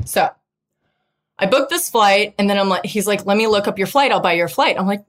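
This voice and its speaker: A woman in her thirties hosts a podcast and tells a personal story in a casual, chatty monologue. Her voice sits at an ordinary pitch for a woman. She keeps the story moving and slips into a higher voice whenever she quotes someone else. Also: brisk. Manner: chatty, animated, quotes others in raised voices. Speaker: podcast host.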